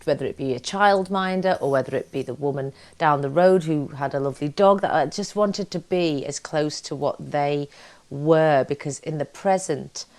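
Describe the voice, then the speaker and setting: A woman chats as an interview guest. Her voice is low and her talk lively and candid, full of quick restarts. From Liverpool, England. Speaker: actress, guest. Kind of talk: casual interview chat.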